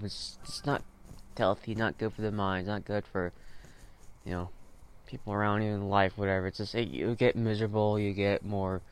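A man's voice: lowish voice, clear, resonant tone. A man hosting a podcast, rambling through a solo monologue full of fillers and swearing, with sudden bursts of frustration. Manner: rambling, heavy fillers, profane, flares up in bursts. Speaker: podcast host.

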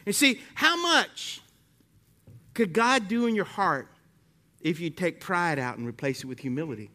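A male pastor with a Southern US accent preaching a sermon, swinging from loud, animated preaching to hushed prayer. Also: sits high, a little slow.

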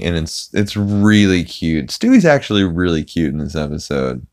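Deep-voiced man recapping casually. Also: big pitch swings, moderate pace, hardly any pauses, darkish tone. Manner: rambling, with many fillers. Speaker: podcast host.

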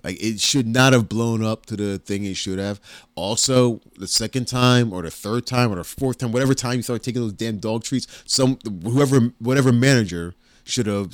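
A man's voice: medium pitch, normal speed, no room sound. A man co-hosting a podcast, blunt and dry as he teases his friend. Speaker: podcast co-host. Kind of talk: casual podcast chat.

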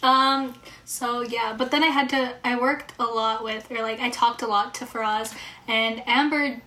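A woman's voice: fairly high pitch, fairly even intonation, measured pace, bright, forceful tone, roomy sound. A young woman on a podcast team, talking in a shy, laid-back way. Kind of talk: casual podcast chat. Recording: distant mic with faint noise.

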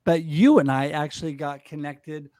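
A man hosts a livestream with motivational enthusiasm. His voice sits high for a man. The sound is dry and close, with no room around it. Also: moderate pace, warm tone, dry recording. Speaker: livestream show host. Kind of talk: upbeat promotional livestream talk.

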